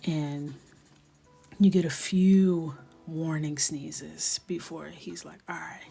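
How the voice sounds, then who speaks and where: A fairly low-voiced young woman talks casually on a coloring livestream, swinging between easy chat and hushed, breathy asides. She laughs often as she tells stories, with soft music playing faintly behind her. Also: steady tone, takes it slowly. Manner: chatty storytelling, often drops to a whisper, laughs a lot.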